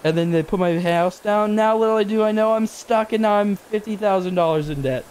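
Excitable young man streaming a game. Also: fairly quick, smooth. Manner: excitable, jumps to high exclamations, reads game text aloud. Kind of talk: live game stream commentary.

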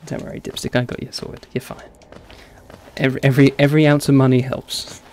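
Young male streamer, gravelly voice, playful banter with chat, faint background noise. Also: mid-range voice, level tone, fairly quick, darkish tone. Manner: playful, chatty, laughs often, talks to chat. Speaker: gaming streamer. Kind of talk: casual live-stream commentary.

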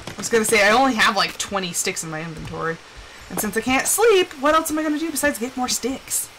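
A young woman chatting casually while playing a game on a live stream, telling animated stories and putting on quick quoted voices. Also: on the high side, background noise.

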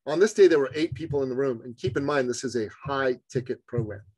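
A man telling a story as a podcast guest, animated and addressing the host as brother. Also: mid-range voice, quick pace, breathy edge, no echo, rough recording.

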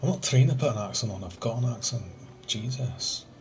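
A man's voice: medium pitch, fairly quick, a little mellow. A young man chatting casually while gaming with friends, joking and swearing and sighing often, recorded on a gaming headset. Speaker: gamer playing with friends online. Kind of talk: casual gameplay chat. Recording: noisy game capture.

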